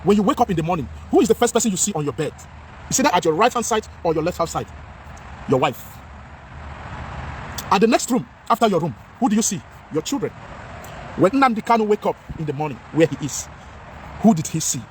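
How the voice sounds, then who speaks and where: A man's voice: sits high, big pitch swings, fairly quick, long pauses, slight background noise. A Nigerian man vlogging outdoors in English mixed with Pidgin, speaking with passion and a lot of repetition. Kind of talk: outdoor talking-head vlog.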